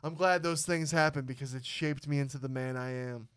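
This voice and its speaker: A young man hosting a podcast, telling a story in casual chat, animated and swearing a lot. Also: medium pitch, brisk, smooth. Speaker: podcast host.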